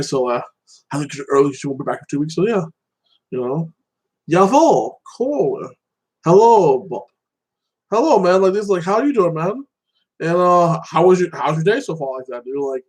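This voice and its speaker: A man's voice: on the high side, darkish tone, rough recording. A man hosting his own channel, chatting casually and rambling, filling his talk with "like that" and "you know" and greeting viewers by name. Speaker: YouTube channel host. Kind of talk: casual solo livestream chat.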